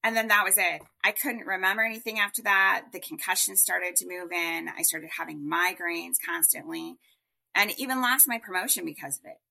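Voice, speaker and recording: Woman telling her story on a podcast, kinda raspy fry but bright, really animated. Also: lowish voice, brisk. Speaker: guest entrepreneur. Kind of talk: personal storytelling.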